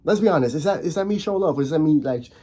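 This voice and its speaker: A Dutch commentary vlogger rants casually on camera, his voice high-ish, animated, mellow and very fast. He repeats himself, keeps restarting, and fires off rhetorical questions.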